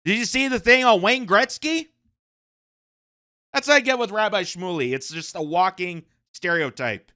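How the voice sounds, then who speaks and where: Animated, mocking high-voiced male commentator. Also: unhurried, long pauses, no room sound, clean studio sound. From Canada. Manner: animated, mocking, laughs between points. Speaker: commentary channel host. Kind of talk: opinion commentary on news.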